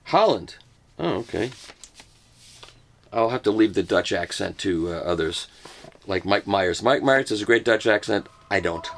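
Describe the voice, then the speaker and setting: Gravelly older man joking through an unboxing. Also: fairly low pitch, a little hiss or hum. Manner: joking, self-mocking asides. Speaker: host reviewing a record box set. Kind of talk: casual unboxing talk.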